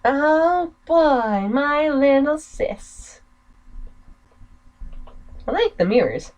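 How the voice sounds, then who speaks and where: A woman's voice: sits high, lively intonation, extremely slow, pauses often, a little mellow, rough recording. A woman playing a game, making chatty, joking asides. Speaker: gamer. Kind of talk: let's play commentary.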